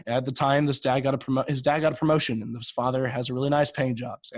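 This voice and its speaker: A man's voice: medium pitch, fairly quick, hardly any pauses, no room sound. A young man in his twenties, a podcast co-host, telling a long shaggy-dog joke in a rambling way, with many restarts. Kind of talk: casual podcast storytelling.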